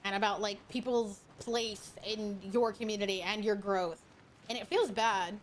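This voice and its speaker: A woman's voice: medium pitch, fairly even intonation, measured pace, a little hiss or hum. A woman VTuber chatting casually while gaming, swearing freely and greeting viewers with affection. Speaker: VTuber streamer. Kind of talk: casual gaming stream chat.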